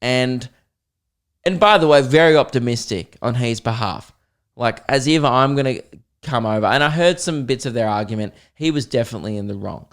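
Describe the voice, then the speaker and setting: A man's voice: medium pitch, moderate pace. An Australian man hosting a podcast, telling a story in a casual, self-mocking way and acting out the voices of the people in it. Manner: animated, self-mocking, acts out quoted voices. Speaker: comedian podcast host.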